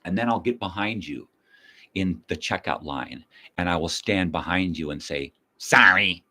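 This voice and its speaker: Old guy with a super deep raspy voice, cussing and ranting about stuff. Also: normal speed, fairly bright tone. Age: older. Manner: profane, blunt ranting with mocking repeats. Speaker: host. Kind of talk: ranting monologue.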